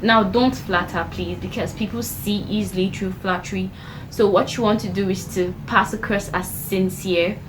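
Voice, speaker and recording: A woman's voice: mid-range voice, fairly even intonation, normal speed, noisy background. Chatty young woman giving advice. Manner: chatty, acts out little quoted exchanges. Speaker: vlogger giving self-improvement tips. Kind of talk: casual talk-to-camera advice.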